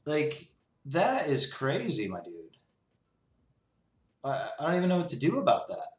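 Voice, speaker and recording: A man's voice: fairly high pitch, wildly swooping pitch, a little slow. A young man rambling and exasperated as he talks through his own code in a casual way, leaning on "like" constantly. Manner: exasperated, rambling, heavy use of "like". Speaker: programmer streaming his coding. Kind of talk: casual talk-through while coding. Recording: roomy echo.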